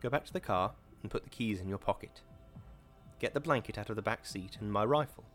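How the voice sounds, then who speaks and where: Narrator as a steady husband in a crisis: low, hushed and commanding. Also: male voice, a little fast, faint music behind, natural voice. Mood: quiet, firm. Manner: quiet, low and firm.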